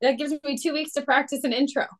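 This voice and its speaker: A woman's voice: high-pitched, fairly even intonation, fast talker. A woman co-hosting a podcast in casual chat, giggling and fumbling her intro takes. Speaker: podcast co-host.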